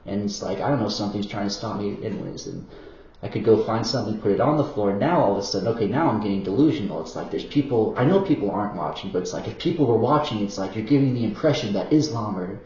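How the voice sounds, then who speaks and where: A man's voice: fairly low pitch, animated, fast, a little mellow, slight background noise. A man talking in a rambling, hesitant monologue, full of fillers, self-corrections and apologetic asides. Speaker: vlogger. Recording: roomy, dull-sounding recording.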